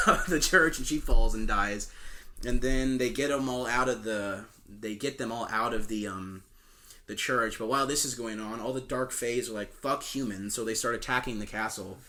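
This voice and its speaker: A man's voice: medium pitch, moderate pace, sharp tone. A young man co-hosting a film podcast, casually retelling a movie plot with swearing, laughter and silly quoted voices. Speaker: podcast co-host.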